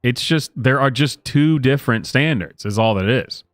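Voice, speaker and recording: A man's voice: medium pitch, normal speed, no echo, studio quality. A man doing sarcastic reaction commentary, sardonic and incredulous, with chuckling asides. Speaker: online commentator.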